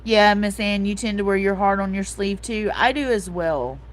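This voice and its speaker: At a moderate pace and medium pitch, a woman in her forties talks casually and emotionally to her livestream audience. Tender-hearted, she reads comments from the chat, says things more than once, and relies on "um" and "like."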